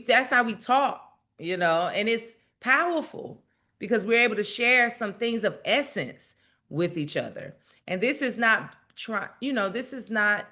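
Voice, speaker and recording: A woman's voice: mid-range voice, sharp tone. A woman hosting a casual spiritual livestream, chatting directly to her viewers and laughing often.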